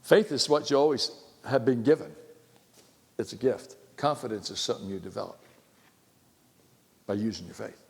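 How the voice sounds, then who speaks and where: A man delivers a sermon in a gravelly voice at a middle pitch. He throws rhetorical questions at his listeners and swings from loud, exclaimed lines to hushed, near-whispered ones. His words carry a long echo from the hall. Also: animated, normal speed, long pauses. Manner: asks the audience rhetorical questions. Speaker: preacher.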